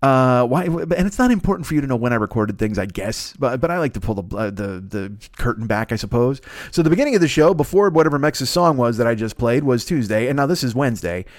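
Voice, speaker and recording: A man's voice: mid-range voice, expressive, fast talker, dry recording, studio quality. A man in his forties hosting a solo podcast, talking in a meandering, profane, self-mocking way from his home desk. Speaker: podcast host. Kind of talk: rambling solo podcast monologue.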